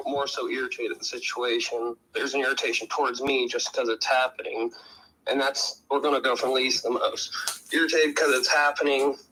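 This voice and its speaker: A man on a phone call, chatting casually and measuring his words as he thinks aloud. His voice is bright and forceful at a middling pitch. Faint background noise sits under it. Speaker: caller, the host's cousin.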